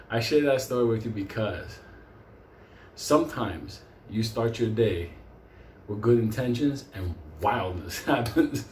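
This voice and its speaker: A man tells a story in a profane, animated rush, breaking into laughter as he goes. His voice sits at an everyday middle pitch. The room echoes around him over a faint background hum. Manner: animated, laughs often, heavy swearing. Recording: roomy echo, faint ambience.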